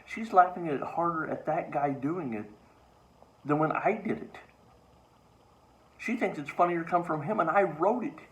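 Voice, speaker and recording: A man's voice: a little high, moderate pace, pauses often, rough recording. Exasperated, wry male comedian telling a story. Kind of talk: casual monologue to camera.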